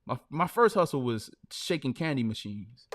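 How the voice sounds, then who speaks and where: A man hosts a live stream, telling loose stories and filling pauses between phrases with "man" and "like." His mid-range, fairly bright voice swings widely in pitch at normal speed, with a little hiss or hum in the recording.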